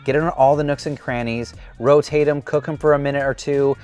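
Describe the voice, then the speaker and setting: A man's voice: medium pitch, fairly even intonation, a little fast, darkish tone, clear, resonant tone, soft background music. Upbeat chatty male cooking show host. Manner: upbeat, chatty, self-interrupting. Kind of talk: cooking demonstration.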